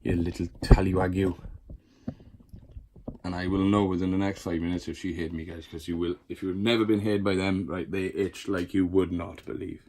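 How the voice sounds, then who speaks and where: His voice sits low and darkish, with a level tone and normal speed. He's vlogging a casual tour of the tarantulas in his bedroom, chatting and swearing freely while coaxing and scolding the spiders.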